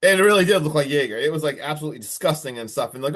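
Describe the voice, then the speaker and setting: A young man co-hosting a podcast, casually recapping a horror film in a rambling, animated way with lots of filler words and mild swearing. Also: a little high, very fast, hardly any pauses. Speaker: podcast co-host reviewing a film.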